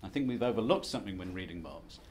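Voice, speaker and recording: A man's voice: low-pitched, animated, quick pace, slight background noise. Wry male academic giving a talk. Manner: self-deprecating, wry, conversational lecturing with restarts. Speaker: academic speaker. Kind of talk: conference presentation.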